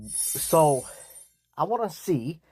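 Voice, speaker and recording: A man's voice: fairly high pitch, animated, a little mellow, slightly rough, dry recording, soft background music. A man hosting a gaming channel, chatting casually to his viewers about a game and calling them guys. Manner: slow, drawn-out, chatty, addresses viewers as guys.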